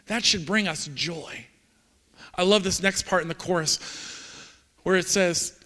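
A man in his forties preaches a sermon in a church sanctuary, his voice sitting high for a man. He speaks earnestly, sometimes halting and repeating words as he goes. A long reverb from the hall trails after each phrase. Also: pushed and bright. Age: 40s. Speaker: pastor.

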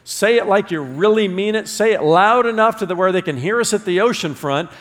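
A man's voice: sits high, brisk, fairly bright tone, in a large hall. A man preaching a sermon as pastor, emphatic, drawing his congregation into call-and-response. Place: church sanctuary.

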